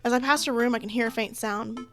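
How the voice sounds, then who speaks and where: A woman's voice: on the high side, steady tone, fast, soft background music. Giggly young woman reading a game. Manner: giggly, chatty, laughs often. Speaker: let's play gamer. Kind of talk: casual game commentary and reading aloud.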